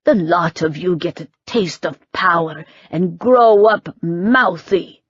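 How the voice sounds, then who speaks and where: A woman's voice: fairly low pitch, takes it slowly, slightly rough, dry recording, dull audio. A woman doing a pompous, snappish old uncle. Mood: condescending. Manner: snappish, condescending. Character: stern, pompous older uncle.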